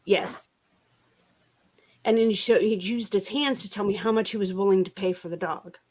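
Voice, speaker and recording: A middle-aged woman with a medium-pitched, somewhat dark voice hosts a laid-back craft livestream, keeping a steady tone at normal speed. She tells stories in a chatty way, laughing frequently and restarting often.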